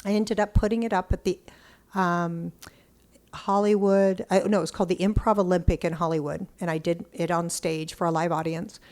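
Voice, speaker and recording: A middle-aged woman telling a story as a podcast guest, excitable and blunt, cursing now and then. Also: lowish voice, normal speed. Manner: excitable, animated storyteller who acts out quotes. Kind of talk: casual interview storytelling.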